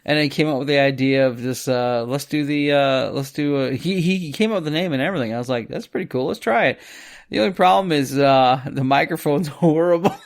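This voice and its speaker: A man co-hosting a podcast, ranting casually and swearing as he gets animated. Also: on the high side, fairly quick, gravelly. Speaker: podcast co-host. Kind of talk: late-night casual rant.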